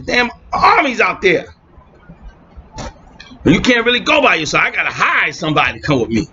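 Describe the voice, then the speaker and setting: A man in an impassioned religious rant, streetwise and mocking, swinging between shouting and muttering. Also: high voice. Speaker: religious video blogger. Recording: muffled lo-fi with faint hiss.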